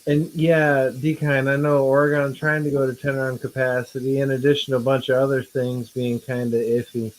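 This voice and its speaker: A man's voice: mid-range voice, level tone, a little fast, few pauses, rough recording. A man co-hosting a casual chat, joking and laughing easily. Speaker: podcast co-host.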